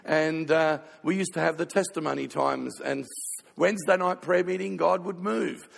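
A man preaching a sermon full of playful comic stories and quick asides. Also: on the high side, creaky. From Australia. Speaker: pastor. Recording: long hall reverb.

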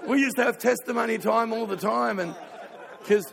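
A man preaching a sermon full of playful comic stories and quick asides. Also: very high-pitched, creaky, a crowd in the background, noisy background. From Australia. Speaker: pastor. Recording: long hall reverb.

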